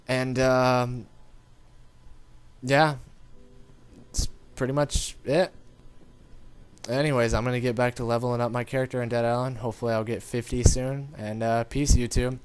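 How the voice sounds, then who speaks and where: A man's voice: mid-range voice, level tone, moderate pace, pauses often, clear, resonant tone. A man giving casual gameplay commentary, rambling and informal, talking straight to his viewers. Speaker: gaming commentator.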